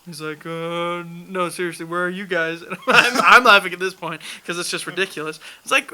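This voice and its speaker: A man's voice: high-pitched, steady tone, a little fast, hardly any pauses, bright, forceful tone, rough recording. A young man telling a funny story in a casual chat, laughing often as he goes.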